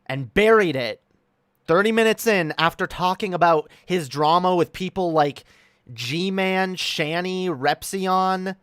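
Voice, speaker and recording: A man's voice: sits high, slow pace, a bit bright, smooth, dry recording. Guy ranting on stream, sarcastic and combative, dry close mic. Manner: mocking, combative, laughs often. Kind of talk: casual stream commentary.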